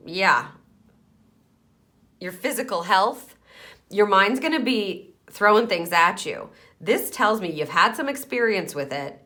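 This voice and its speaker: A woman's voice: fairly low pitch, sharp tone. A woman giving an encouraging pick-a-card tarot reading, chatting loosely and thinking aloud with fillers.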